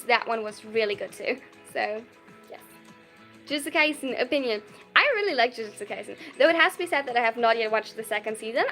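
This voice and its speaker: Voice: medium pitch, a bit bright. A young adult livestreamer with a German accent chatting casually, reading viewer messages aloud and gushing thanks with lots of laughter. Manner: bubbly and effusive, quick to gush thanks and laugh.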